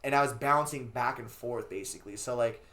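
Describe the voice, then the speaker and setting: A man's voice: medium pitch, fairly quick. Profane, rambling young man from Los Angeles. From Los Angeles, USA. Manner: profane, rambling, loud bursts when excited. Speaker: interview guest, beatmaker. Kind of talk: casual interview chat.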